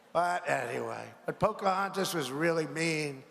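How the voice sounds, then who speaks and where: A man with a high, bright voice speaks from a podium mic in a large arena. He rambles and mocks his rivals, stopping often to ask the crowd for agreement. His voice carries through a long echoing hall over faint crowd noise. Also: lively intonation, normal speed, creaky, hardly any pauses. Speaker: politician at a rally. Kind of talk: campaign rally speech.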